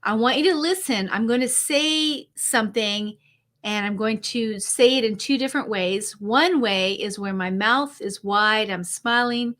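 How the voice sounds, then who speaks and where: A woman who coaches public speakers hosts her own tip video. Her voice sits a little high, and she speaks upbeat and conversationally, straight to the viewer as if across a table. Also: measured pace, a bit bright. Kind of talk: direct-to-camera coaching tip.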